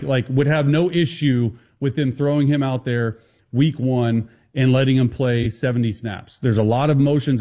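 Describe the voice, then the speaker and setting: A man appearing as a football analyst guest on a sports talk show, talking fast and confidently with quick restarts. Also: mid-range voice, mellow.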